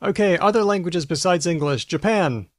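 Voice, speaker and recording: A man's voice: sits high, normal speed, dry recording. Dry-miked man co-hosting a chat show. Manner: chatty, explains with asides. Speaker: podcast co-host. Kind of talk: casual chat reading out news items.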